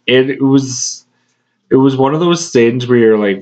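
A man in the host's chair of a casual podcast, spinning a meandering story with plenty of swearing and small laughs. His voice sits at an ordinary pitch. The recording is slightly muffled and lo-fi. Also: moderate pace. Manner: profane, rambling, laughing between phrases. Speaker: podcast host.

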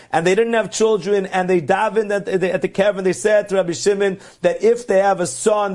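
A man's voice: high voice, darkish tone. A man telling religious stories earnestly, stretching words for emphasis. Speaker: religious storyteller. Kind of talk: religious storytelling.

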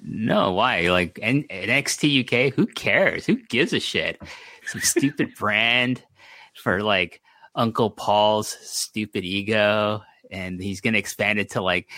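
A man's voice: medium pitch, sharp tone, no room sound. A man co-hosting a podcast in casual chat, rambling and swearing freely. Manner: rambling, profane, hesitant, lots of fillers. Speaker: podcast co-host.

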